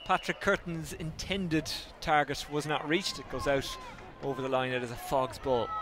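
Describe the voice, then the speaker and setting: A man's voice: fairly high pitch, crowd noise. An Irish man, slightly out of breath, calling live hurling play-by-play from a commentary position at an outdoor ground. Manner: brisk play-calling, self-deprecating asides. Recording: noisy outdoor stadium feed.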